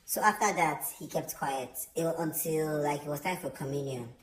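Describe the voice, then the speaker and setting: A young man telling a storytime vlog, chatty and animated, with many fillers. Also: fairly high pitch, moderate pace, crowd noise. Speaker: vlogger. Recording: roomy echo.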